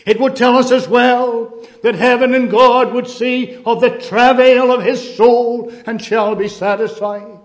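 A man preaching a sermon in a measured, emphatic way, repeating key phrases. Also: extremely high pitch, fairly even intonation.

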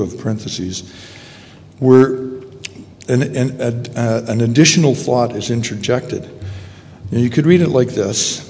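A man with a gravelly, mellow and fairly low voice delivers a sermon, pausing and restarting as he searches for words. His voice carries a long echo from the hall, with a faint ambient hiss underneath. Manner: halting, searching for words, with many fillers and restarts. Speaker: preacher.

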